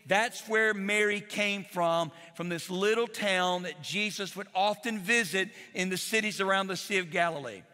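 A middle-aged man preaching a sermon as pastor, telling stories in an animated, emotional way with frequent repetitions. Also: high voice, moderate pace, hardly any pauses. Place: large church hall. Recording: reverberant church hall.

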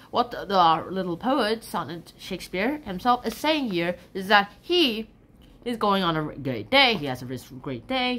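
A woman casually explaining a poem in an animated, chatty way, with stumbles and restarts. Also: mid-range voice. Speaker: sonnet explainer. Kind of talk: casual explanation mixed with poetry recitation.

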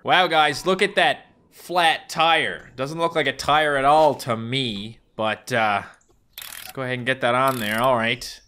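A young man doing goofy, comedic commentary while playing a game, jumping into loud excited outbursts. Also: mid-range voice, a little slow. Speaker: gaming YouTuber. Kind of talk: comedic let's play commentary. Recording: faint game music behind.

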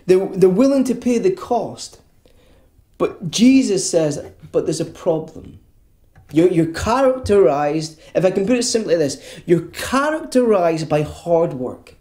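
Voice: medium pitch, mellow, roomy sound. A preacher, giving an earnest sermon and repeating words when stressing a point. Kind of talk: evangelical sermon. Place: church.

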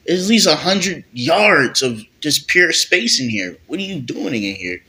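A man's voice: fairly high pitch, very animated, measured pace, pushed and bright, pitched above the performer's own voice, exaggerated voice. A man voicing a brash, hot-tempered young man who exclaims and swears. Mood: astonished.

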